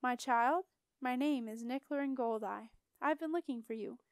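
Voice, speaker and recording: A woman reading aloud as a brisk middle-aged wizard, clipped and commanding, his voice pitched up high and carrying loud, the tone smooth and resonant in a dry, close-miked room. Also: dry recording. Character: crisp, educated, abrupt middle-aged male mage.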